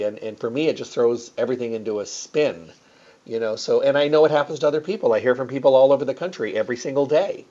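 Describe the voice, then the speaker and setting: A man's voice: mid-range voice, dark tone. A man hosting a health show, talking casually and rambling with many fillers and restarts. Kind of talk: casual promotional talk. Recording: slightly dull lo-fi sound.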